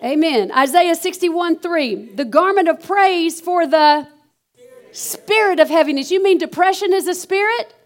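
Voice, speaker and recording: High-voiced woman preaching a sermon. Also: unhurried. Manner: animated, call-and-response preaching with exclamations.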